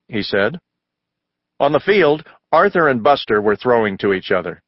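A man reading a children's storybook aloud, narrating in a lively way and raising his voice for the characters. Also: moderate pace, no room sound, highs cut off. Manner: raises pitch for child and mother voices. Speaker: audiobook narrator.

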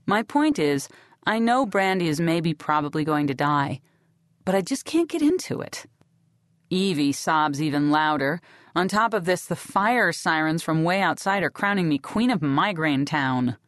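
A woman narrating a novel in the first person in a sardonic, deadpan way. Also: low voice, measured pace, dry recording, studio quality. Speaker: audiobook narrator.

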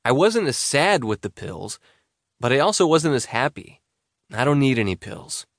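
Expressive male audiobook narrator. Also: mid-range voice, moderate pace, no room sound, clean studio sound. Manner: conversational, expressive. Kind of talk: first-person audiobook narration.

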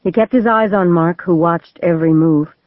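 A woman narrating a thriller audiobook in a measured, steady storytelling manner, on a tinny, phone-like recording. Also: on the low side, dry recording. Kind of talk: scripted narration of a legal thriller.

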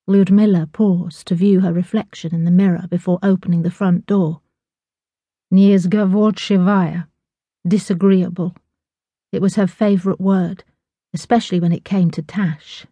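A woman reads a novel aloud as an audiobook narrator, her scripted storytelling measured and even. Her voice is lowish and slightly rough, with no echo.

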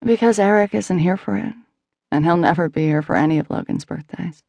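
A woman's voice: on the low side, a little fast, vocal fry, a little mellow, no room sound. A woman narrating an audiobook voices a young widowed mother who speaks candidly and wryly, holding back sadness. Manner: candid, wry, restrained sadness. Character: young widowed mother, former beauty queen, wry. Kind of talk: audiobook character voicing.

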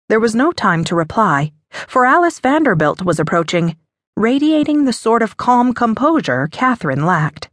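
A woman narrating a historical romance audiobook in an expressive storytelling manner. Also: on the high side, moderate pace, no room sound, studio quality. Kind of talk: scripted narration.

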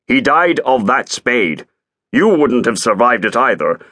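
A man's voice: mid-range voice, big pitch swings, a little slow, sharp tone, dry recording, studio quality, exaggerated voice. A man voicing a blunt, self-assured ram stating the obvious. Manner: blunt and matter-of-fact.

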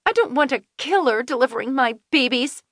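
A woman's voice: high-pitched, lively intonation, fairly quick, a bit bright, no echo, clean studio sound, voice pushed up. A woman narrator voicing an angry young woman in painful labor who snaps and wails at her doctor. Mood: hostile, wailing. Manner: snapping, wailing, hostile.

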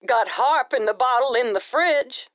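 A man's voice: very high voice, expressive, measured pace, no room sound, highs cut off, voice pushed up. A woman reading an audiobook voices a despairing young man on a rooftop with a gun, weary and sullen. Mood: glum, hopeless.

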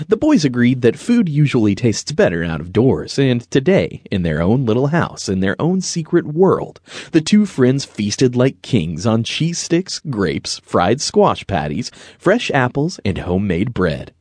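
Male audiobook narrator, husky and expressive, dry close studio sound. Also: medium pitch, unhurried, no echo. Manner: gentle storytelling. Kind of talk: scripted narration.

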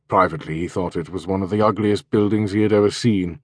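A man narrating an audiobook in a measured, even reading. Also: low-pitched, slightly rough, no echo, clean studio sound. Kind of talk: scripted narration.

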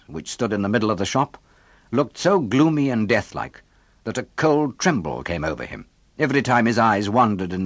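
A man narrating a classic novel as an audiobook, measured and expressive, on a close studio mic. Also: lowish voice, no room sound.

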